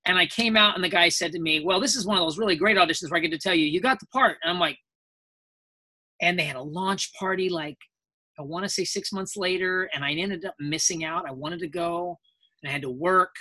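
Bright-voiced man telling rambling stories. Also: high-pitched, brisk. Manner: rambling anecdotes, acting out quoted voices. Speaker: guest voice actor. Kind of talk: casual interview storytelling.

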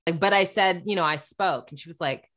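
A woman's voice: on the low side, fairly quick, fairly bright tone. A woman co-hosting a podcast in casual, candid chat, laughing often and swearing freely. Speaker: podcast co-host.

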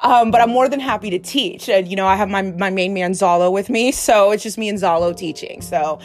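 A woman's voice: mid-range voice, brisk, no echo, faint music behind. A woman who is a psychic medium, talking candidly in a casual monologue, swearing freely and laughing often. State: gets emotional, near tears. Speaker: psychic medium and podcast host.

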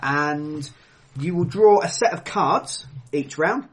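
A man's voice: a little high, slow. Laughing man hosting a chat. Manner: laughs often, self-mocking. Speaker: podcast host. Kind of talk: casual chat.

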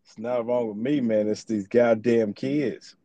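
A man's voice: medium pitch, steady tone, unhurried, warm tone, no room sound. A young man hosting a podcast in casual chat, loose and profane, rambling through his stories. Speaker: podcast host.

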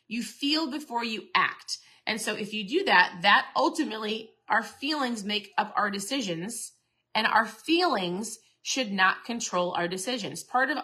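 Bright-voiced chatty woman host. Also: medium pitch. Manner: chatty, earnest, restarts and repeats herself. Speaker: podcast host and keto coach. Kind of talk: casual motivational talk.

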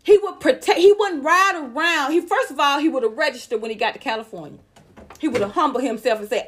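Outspoken high-voiced woman vlogger. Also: fast talker, fairly bright tone. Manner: outspoken, heated, slangy, addresses viewers directly. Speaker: gossip vlogger. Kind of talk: celebrity gossip commentary.

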